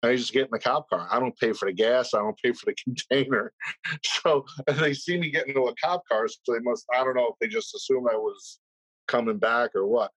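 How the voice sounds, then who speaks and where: A man's voice: medium pitch, brisk, a bit bright, husky, no room sound, rough recording. A man in casual podcast chat, telling a rambling, swear-laden anecdote.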